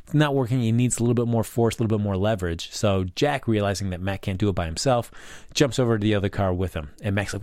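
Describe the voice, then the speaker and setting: Low-voiced man rambling through a recap. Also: fast talker, a little mellow, no echo, studio quality. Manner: rambling, many fillers and restarts. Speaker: TV episode recapper. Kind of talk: casual episode recap.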